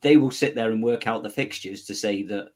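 A man co-hosting a football fan podcast, ranting bluntly and swearing. His voice is low and husky. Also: brisk, a little mellow. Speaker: podcast co-host. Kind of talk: casual football chat.

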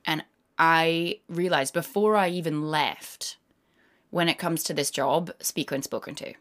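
A woman in her thirties, a guest actor in a casual interview, telling animated stories and slipping into quoted voices. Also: sits low, unhurried.

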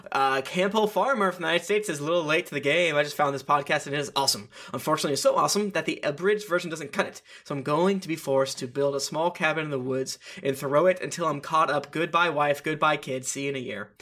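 A man with a bright, forceful voice, set a little high, hosts a casual podcast. He reads listener reviews aloud in a playful, teasing way and slips in jokey asides. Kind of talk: casual chat among tabletop game players.

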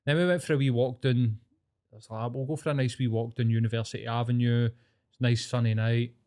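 A Glaswegian Scottish man in his forties, co-hosting a casual comedy podcast and telling sweary, animated stories that act out his relatives' lines. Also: mid-range voice, fairly quick. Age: 40s. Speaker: podcast co-host.

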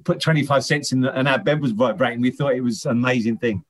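A man's voice: medium pitch, quick pace. A man, a former footballer, chatting as an interview guest, often restarting and repeating words as he tells stories. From England, Northern Irish parents. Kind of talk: casual interview chat.

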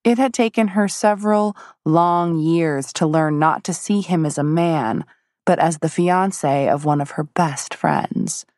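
A woman reads a romance novel aloud as an audiobook narrator, delivering the scripted text in a steady, measured storytelling style. Her voice sits low, and the recording is dry with clean studio sound.

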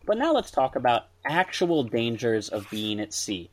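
A man's voice: medium pitch, very animated, normal speed. A man who hosts a podcast, casually telling history stories with asides to his co-host. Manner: storytelling, explains history with asides. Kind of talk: casual chat.

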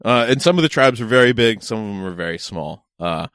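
A man's voice: on the low side, lively intonation, quick pace, fairly bright tone, dry recording, studio quality. A young man, chatting casually as a podcast co-host and telling stories with lots of restarts and laughs. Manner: rambling, frequent restarts and laughter. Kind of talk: casual chat.

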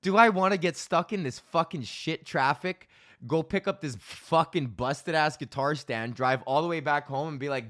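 A man's voice: fairly high pitch, normal speed, a bit bright, no echo, studio quality. A man from Alberta hosting his own podcast, telling a long story in a profane, laughing ramble and acting out both sides of the conversation. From Alberta, Canada. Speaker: podcast host and stand-up comic. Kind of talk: casual solo podcast rant.

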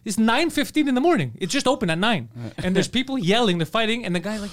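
A middle-aged man hosting a podcast, telling profane stories and acting out loud quotes. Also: high voice, quick pace, few pauses, noisy background. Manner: animated, profane storytelling with loud acted-out quotes. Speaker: podcast host. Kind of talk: casual podcast chat.

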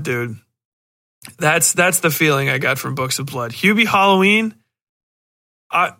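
A man's voice: fairly high pitch, sharp tone. A man hosting a podcast in casual chat, ranting with lots of swearing and exasperation. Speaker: podcast host.

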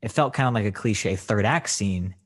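A man with a low, husky voice talking casually about a movie. He rambles and leans on filler words, a touch rough around the edges. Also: normal speed. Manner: rambling, filler-heavy, frequent "like". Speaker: film discussion co-host. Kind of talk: casual chat.

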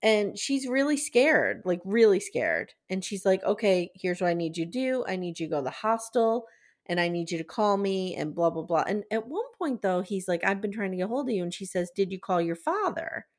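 A woman hosting a podcast, casually recapping a TV episode and acting out the characters' quotes in a lively way. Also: medium pitch, fairly quick. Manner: animated retelling, acts out quotes. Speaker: podcast host.

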